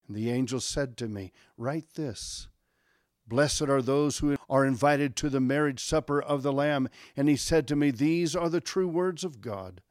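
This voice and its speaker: A pastor reading a Bible passage aloud in a measured, solemn way with emphatic rises. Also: male voice, on the high side, a little mellow, no echo, clean studio sound. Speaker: guest scripture reader, pastor. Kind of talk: scripture reading.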